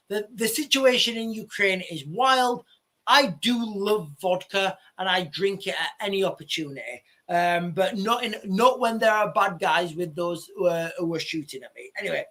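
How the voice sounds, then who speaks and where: A man talks casually to his viewers in a fairly high, bright voice. He circles back and restarts his sentences as he goes. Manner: rambling, with frequent restarts. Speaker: vlogger. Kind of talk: casual chat to camera.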